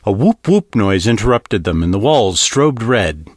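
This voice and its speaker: A man narrating a science-fiction audiobook in an expressive, varied reading. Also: fairly low pitch, measured pace, no echo, studio quality.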